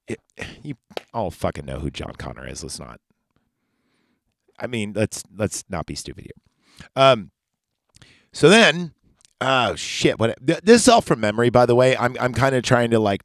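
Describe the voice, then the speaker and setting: A man's voice: lowish voice, dry recording, studio quality. A man hosting a casual podcast, recapping a movie from memory with profane, rambling rants and asides. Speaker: podcast host.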